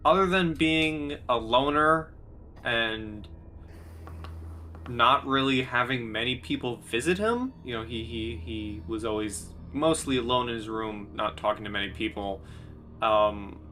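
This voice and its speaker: A man narrating as game master, hesitant and filling pauses with ums. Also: mid-range voice, pushed and bright, slight background noise.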